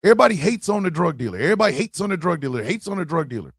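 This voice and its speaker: A man's voice: on the high side, very animated, racing, gravelly, husky, no room sound. Ranting man, dry close sound. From United States. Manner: ranting, emphatic repetition, blunt swearing. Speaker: host. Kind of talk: political livestream monologue.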